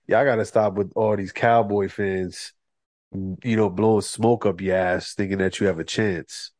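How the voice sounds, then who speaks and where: A laid-back man co-hosting a casual podcast, agreeing with short interjections. His voice sits somewhat low, and the recording sounds dry and close. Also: fairly even intonation, a little slow, darkish tone, no room sound. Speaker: podcast co-host. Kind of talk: casual chat.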